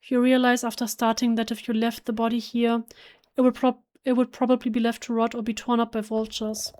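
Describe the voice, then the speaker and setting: During a let's play, a woman whose first language is German reads horror game text in English, hushed and emotional, frequently stumbling and starting over. She talks briskly in a slightly high voice that barely changes pitch.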